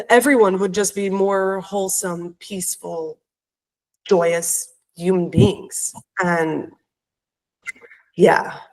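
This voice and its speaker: A woman in her thirties, a podcast guest, telling a heartfelt personal story and growing animated as she retells it. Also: mid-range voice, low-quality recording.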